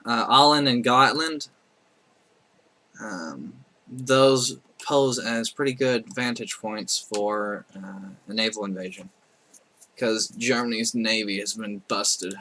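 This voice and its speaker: A man's voice: lowish voice, takes it slowly, sharp tone, a little hiss or hum. A man casually commenting on his strategy game playthrough, rambling and correcting himself with chatty asides. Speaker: let's play host.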